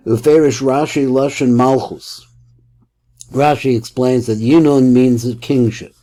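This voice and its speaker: A man's voice: medium pitch, warm tone. A man teaching a Torah class, reading a text aloud and explaining it with Hebrew terms.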